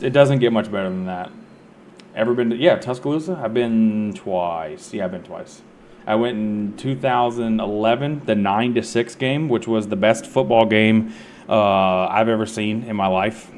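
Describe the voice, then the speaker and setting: A man's voice: on the low side, slight background noise. A man streaming a game and chatting casually, rambling and swearing freely. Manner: rambling, profane, laid-back. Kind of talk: casual chat while gaming.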